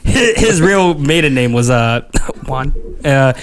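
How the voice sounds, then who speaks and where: A man's voice: mid-range voice, sing-song, slow, slight background noise. A man hosting a casual podcast, swearing, laughing and doing voices as he tells stories. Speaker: podcast host.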